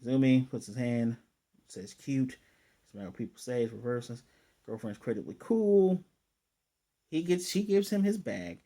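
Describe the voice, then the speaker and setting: A man talks through an anime review in a loose, rambling way, pausing to read from his notes. His voice is dark and mellow, sitting in a middle pitch. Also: expressive. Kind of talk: casual recap.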